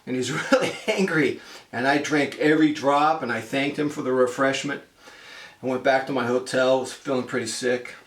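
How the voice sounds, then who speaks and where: An American man in his fifties tells a travel story in a chatty vlog, acting out the people he quotes. His medium-pitched, slightly bright voice moves at a moderate pace and sounds roomy, as he's far from the mic.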